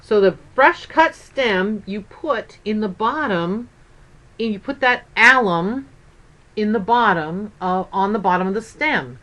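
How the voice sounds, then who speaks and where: A woman's voice: medium pitch, expressive, a little slow, fairly bright tone. An older woman and grandmother chatting casually in a craft vlog, upbeat and rambling. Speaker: craft vlogger.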